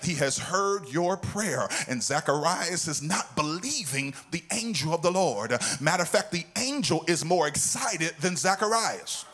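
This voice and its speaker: Lively high-voiced man preaching. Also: measured pace, few pauses. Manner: animated, sing-song preaching with shouts and acted-out voices. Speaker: pastor. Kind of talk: sermon.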